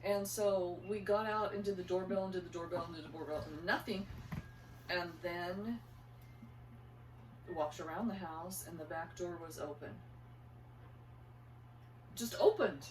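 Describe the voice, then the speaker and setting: A woman's voice: fairly low pitch, a little slow, long pauses, noisy background. Older woman telling family stories, roomy. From eastern Idaho. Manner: animated, acts out her own panicked quotes. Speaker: interviewee, mother. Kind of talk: casual storytelling. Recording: roomy and distant.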